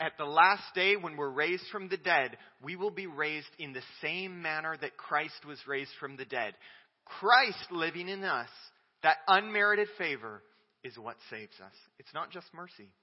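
A man preaching a sermon, swinging between loud declarations and quiet, low asides. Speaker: pastor. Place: church sanctuary. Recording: dull audio with long church reverb.

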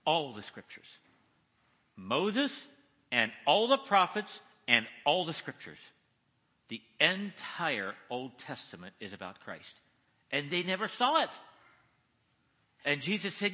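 A man preaching at a conference, reading scripture slowly and with emphasis and asking his listeners questions. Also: fairly high pitch, big pitch swings, bright, forceful tone, husky. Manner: reads slowly, deliberately, with emphasis; asks the audience questions. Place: large conference hall. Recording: echoey hall reverb.

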